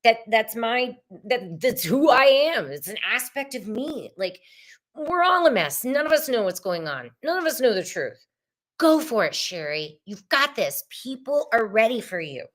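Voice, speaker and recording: A woman's voice: medium pitch, very animated, normal speed, a bit bright. A middle-aged woman, hosting a live tarot reading, effusive and chatty, swearing casually and calling viewers y'all and sister.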